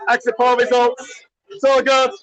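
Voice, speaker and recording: A man live streaming at a crowded party, cheering, shouting greetings and chatting excitedly, getting hoarse. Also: extremely high pitch, normal speed, rough recording. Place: crowded indoor party venue.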